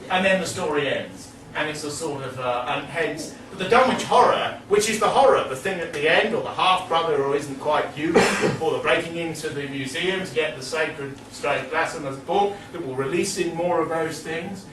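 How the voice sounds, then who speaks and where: A man's voice: on the high side, moderate pace, few pauses, a bit bright. A man giving a public lecture, rambling and digressive with many fillers. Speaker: speaker. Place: meeting hall. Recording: echoey hall, distant mic, noisy.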